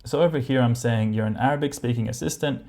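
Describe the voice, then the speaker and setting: A man's voice: mid-range voice, rapid-fire, warm tone. A man hosting a tech review, casually commenting while he tests voices and thinks aloud with ums.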